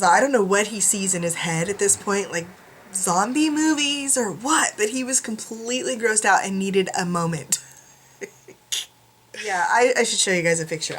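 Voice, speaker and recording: Woman vlogger, higher voice, chatty, self-mocking, laughs often, at home. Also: a bit bright. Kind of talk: casual chat to camera. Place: room at home.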